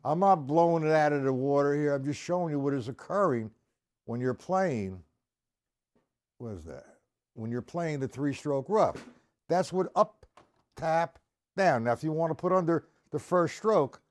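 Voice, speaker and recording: A man teaching drum rudiments on a live stream, talking straight to viewers in the chat and counting beats out loud with strong accents. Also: a little high, expressive, normal speed, soft background music.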